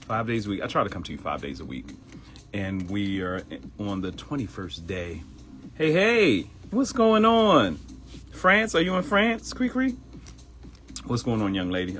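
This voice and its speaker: A middle-aged man from Baltimore hosting a live stream, animated and chatty, greeting viewers by name and joking. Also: on the low side, slight background noise. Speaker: live show host. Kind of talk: live-stream casual chat.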